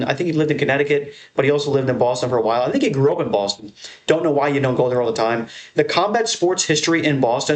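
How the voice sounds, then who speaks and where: A young man giving casual, profane, rambling commentary on his channel, ranking fight crowds with excitement. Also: medium pitch. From American Northeast. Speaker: MMA content creator. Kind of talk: casual tier-list commentary.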